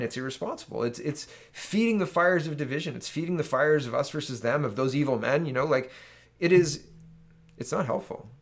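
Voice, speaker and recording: A man from Canada giving solo political opinion commentary, exasperated and ranting, often tagging his points with "right?". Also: a little high.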